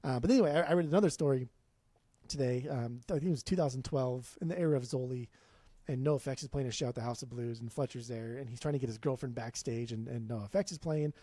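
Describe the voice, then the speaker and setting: A man co-hosting a podcast who rambles animatedly through his stories and leans heavily on "like." His voice is husky and sits at a middle pitch. He is recorded close and dry on a studio mic. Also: fast talker, no echo. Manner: rambling, animated retelling, heavy use of "like". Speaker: podcast co-host. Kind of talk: casual chat.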